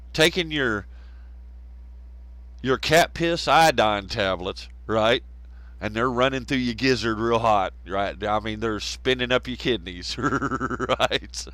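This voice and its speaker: Hosting a live stream in a Southern American accent, a man from the southern United States chats casually and rambles, swearing, laughing, and mocking people through impressions. His medium-pitched voice is bright and forceful, and the low-quality recording has no echo.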